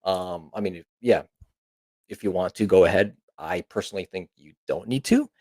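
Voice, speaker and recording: Low-sitting and a little mellow, this man's voice moves at normal speed with no echo. He's a Kyushu-born Japanese teacher running a relaxed online lesson, chatting easily and tossing in jokes along the way.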